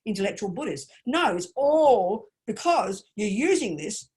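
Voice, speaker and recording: A woman leads a Buddhist workshop in an informal, spoken style. Her voice sits at a middle pitch. She talks with animated emphasis and blunt, colloquial asides. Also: unhurried. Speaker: Buddhist nun teacher.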